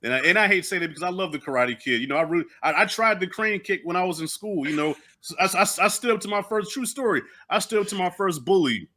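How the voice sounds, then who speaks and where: A man hosting a casual podcast chat, an animated storyteller who acts out the voices of people in his stories. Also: high-pitched, fast, hardly any pauses. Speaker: host.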